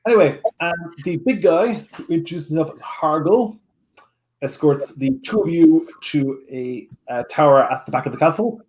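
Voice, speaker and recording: A man's voice: on the high side, moderate pace, darkish tone, slight background noise. A man narrating a tabletop game as game master, with frequent hesitations and fillers.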